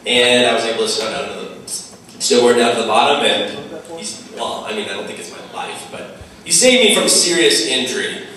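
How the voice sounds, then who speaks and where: A young man speaking to teens at a retreat, telling a personal story in a casual, animated way full of fillers. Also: medium pitch, normal speed. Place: large hall. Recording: very echoey hall from far off.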